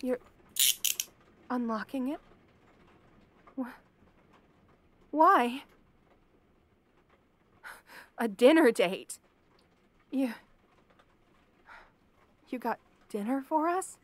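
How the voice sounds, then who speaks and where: A woman's voice: high-pitched, animated, extremely slow, pauses often, no echo, exaggerated voice. A young woman acting a frightened captive in an audio drama, stammering and pleading. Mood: uneasy. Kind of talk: audio role-play.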